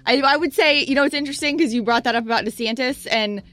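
A woman co-hosts morning radio with a lively, conversational delivery and a fairly high voice. She chats and reacts easily, with a faint music bed behind her. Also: fast talker, no echo. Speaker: radio co-host.

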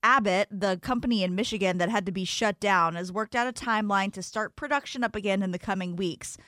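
A woman's voice: medium pitch, a little fast, a bit bright, no echo, studio quality. A woman co-hosting a morning radio show, reading local news in a chatty way. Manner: chatty, conversational.

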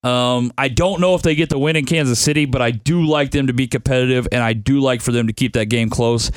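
A man's voice: mid-range voice, steady tone, brisk, dry recording. Tired, grumbling young man. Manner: laid-back, grumbling, tired. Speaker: podcast host picking football bets. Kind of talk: casual sports-betting podcast chat.

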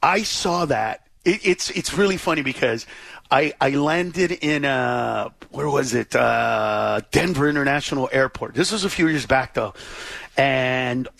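A man, a guest comedian, in casual comedic chat, animated and jokey. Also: mid-range voice, creaky, no room sound. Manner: animated, jokey, does quick voices.

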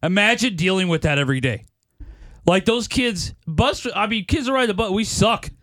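A man co-hosting a casual chat, telling stories in an animated way. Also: high voice, moderate pace, no echo. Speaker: podcast co-host.

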